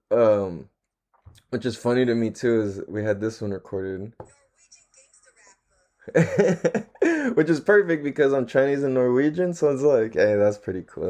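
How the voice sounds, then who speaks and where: A man's voice: medium pitch, darkish tone. Laid-back, profane male podcast host. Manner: laid-back, slangy and profane, laughs often. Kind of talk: casual solo podcast chat.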